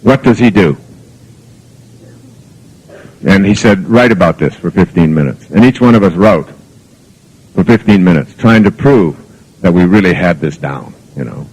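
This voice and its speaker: This motivational speaker lectures an audience in a low, animated voice that's slightly mellow and husky, at a moderate pace. He rambles through anecdotes earnestly and reflectively, using lots of fillers. The recording quality is poor.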